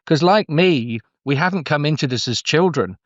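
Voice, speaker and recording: A man's voice: a little high, lively intonation, normal speed, no echo. Rambling middle-aged Englishman, dull lo-fi sound. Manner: meandering, effusive, full of restarts. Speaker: guest storyteller. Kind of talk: conversational interview.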